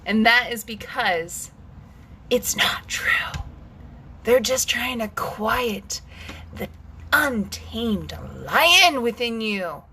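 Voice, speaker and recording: A woman's voice: on the high side, animated, slow, pushed and bright, a little hiss or hum. A woman leading a guided scream and breathwork session, intense and emphatic, swearing freely as she urges listeners to let their anger out. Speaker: breathwork coach.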